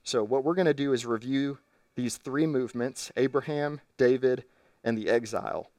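A male pastor delivers an earnest teaching sermon from the stage. His voice sits at an everyday middle pitch. It is picked up from a little way off the mic, with a dry sound. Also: normal speed, a little mellow, no echo, far from the mic. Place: church stage.

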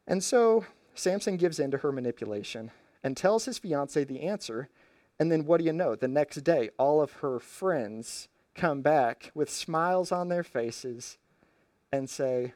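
A man preaching a storytelling sermon in a conversational, animated way with slangy asides. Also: a little high, unhurried, dry recording, clean studio sound.

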